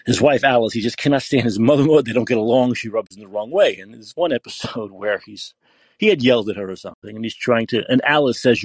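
A man's voice: medium pitch, darkish tone, slightly rough, no room sound. A man hosting a podcast and delivering an angry political rant, full of cursing and repetition. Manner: angry, profane, repetitive ranting. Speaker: podcast host.

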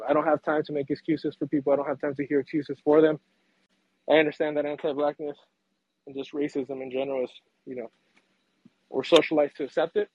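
A man's voice: fairly high pitch, breathy edge, no room sound. A man calling in to a podcast, blunt and earnest, laughing between points. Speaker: caller. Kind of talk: casual call-in chat. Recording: dull, dry phone-in audio.

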